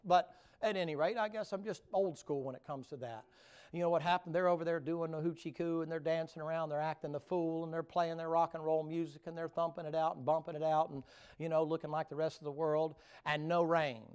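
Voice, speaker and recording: A man's voice: fairly high pitch, clear, resonant tone. A man preaching at a revival in a church. He talks in a homespun, joking way, then builds to fervent preaching in front of the congregation. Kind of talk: folksy revival sermon. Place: church sanctuary before a congregation.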